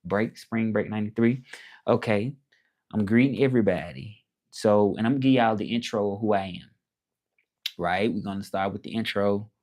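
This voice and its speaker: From a laptop indoors, a man from Memphis, Tennessee hosts a relaxed livestream, greeting viewers in a Southern accent. He speaks at a moderate pace in a lowish, darkish voice.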